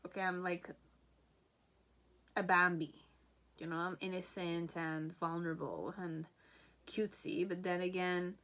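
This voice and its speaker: A woman's voice: lowish voice, steady tone, a little slow, long pauses, fairly bright tone. A woman giving a casual tarot reading, chatty and rambling, often checking in with "okay?" and "you know". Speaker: tarot reader. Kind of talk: casual pick-a-card reading.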